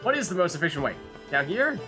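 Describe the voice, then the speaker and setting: A man's voice: on the high side, sing-song, quick pace, music in the background. A man hosting a let's play, chatting casually and thinking aloud as he plays. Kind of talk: casual gameplay commentary.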